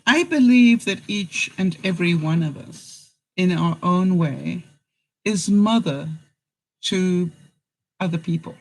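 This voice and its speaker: A man with a rather high voice chats loosely to his vlog audience. He rambles through stories with plenty of fillers and frequent chuckles. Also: lively intonation, slow, vocal fry, darkish tone, poor audio. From England. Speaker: vlogger host. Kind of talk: casual chat answering viewers.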